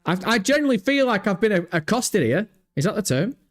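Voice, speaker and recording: Animated swearing streamer. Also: male voice, sits high, brisk, faint music behind. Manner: animated, swears freely, thinks aloud. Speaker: live stream host. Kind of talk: casual live-stream chat.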